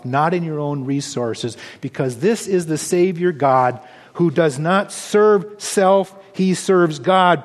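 Man, pastor, sermon, fairly high voice, dramatic swings from loud to hushed, long hall reverb. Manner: dynamic delivery, swinging from raised exclamations to hushed low tones.

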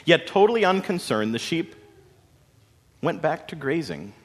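Slow, dramatic male storyteller in a hall. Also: fairly high pitch. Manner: dramatic, expressive storytelling with folksy asides. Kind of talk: spoken story narration. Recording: long hall reverb.

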